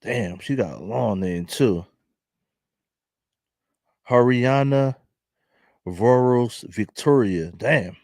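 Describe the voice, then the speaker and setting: A young man with a Philadelphia accent doing casual, laughing commentary to his viewers in drawn-out slang. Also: mid-range voice, a little mellow, no room sound, studio quality. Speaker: commentary vlogger.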